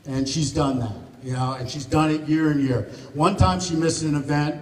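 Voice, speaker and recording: Guy giving a heartfelt rambly thank-you speech, a bit high voice, far off mic in a big echoey hall. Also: steady tone, moderate pace, a little mellow, a little hiss or hum. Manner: rambling, joking, chuckles often, near tears. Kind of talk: emotional off-the-cuff speech.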